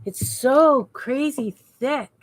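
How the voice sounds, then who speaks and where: A woman's voice: sits high, takes it slowly, soft background music. Chatty woman crafting on a livestream. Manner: chatty, self-talk while working, mutters to herself. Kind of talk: casual crafting chat with viewers. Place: home basement craft room.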